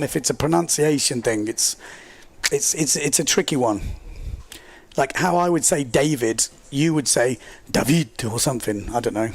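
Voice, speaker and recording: A man commentating a live race stream, excitable and chatty, joking at his own expense as he reads viewer comments. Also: mid-range voice, vocal fry. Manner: excitable, chatty, self-deprecating, rambling with fillers. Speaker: livestream sports commentator.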